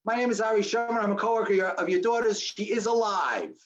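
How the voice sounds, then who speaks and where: A man telling a survival story to an audience, acting out the dialogue with sudden jumps in his voice. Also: quick pace. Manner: animated, acts out quoted dialogue with sharp pitch jumps. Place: audience hall. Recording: dull lo-fi recording.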